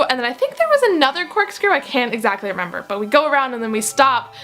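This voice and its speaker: A young woman vlogger with a high, bright voice tells a story with giggly excitement and quotes the people in it. Faint music plays under her voice. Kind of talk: storytelling vlog.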